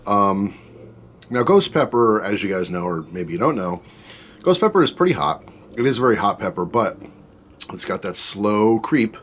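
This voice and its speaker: A man's voice: on the low side, very animated, normal speed, a little hiss or hum. Chatty man taste-testing spicy soup. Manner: chatty, rambling, with many fillers and asides. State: mouth burning from spicy food. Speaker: food reviewer. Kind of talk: casual taste-test vlog.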